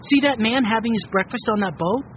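A man's voice: high-pitched, brisk, slight background noise, voice pushed up, natural voice. A man reading a storybook, voicing a practical, matter-of-fact girl. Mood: knowing. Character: sensible, practical older girl. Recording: dull lo-fi dry recording.

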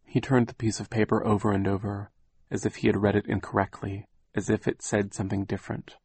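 Casting note: male audiobook narrator, low-pitched and husky, measured, dry close sound. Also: flat delivery, no room sound. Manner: measured, gently dramatic storytelling. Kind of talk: scripted narration.

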